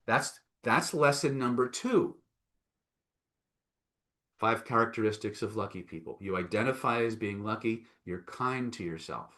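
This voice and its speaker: A man's voice: lowish voice, a little slow, pushed and bright. A man teaching a live online self-help session, coaxing and emphatic, often checking in with "right?" and "okay?". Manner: coaxing, repeats "right?" and "okay?", reads out chat replies.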